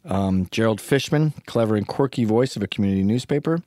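A male podcast host rambles through a casual monologue, sarcastic and crude. His voice sits fairly low, and the sound is dry and close, with no room echo. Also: expressive, fairly quick, mellow.

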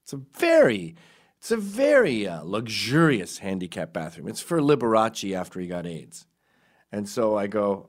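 Middle-aged male storyteller, deep-ish voice, dry crude humor with muttered asides. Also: moderate pace. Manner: deadpan crude storytelling with sudden quiet asides. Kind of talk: comic anecdote.

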